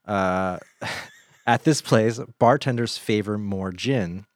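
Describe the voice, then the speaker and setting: A man's voice: on the low side, takes it slowly, no echo. A man co-hosting a casual podcast, riffing playfully and rambling through jokes. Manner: playful, rambling, jokey riffs. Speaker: podcast co-host. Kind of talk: casual banter.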